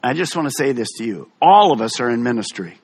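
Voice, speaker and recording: Animated husky-voiced male preacher. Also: mid-range voice, quick pace. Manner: animated, emphatic preaching with wide swings. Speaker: pastor. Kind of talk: sermon.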